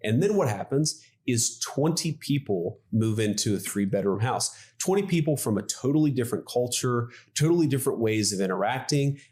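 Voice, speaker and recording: Measured man explaining in an interview. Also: medium pitch, lively intonation, darkish tone. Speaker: politician. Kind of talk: interview answers.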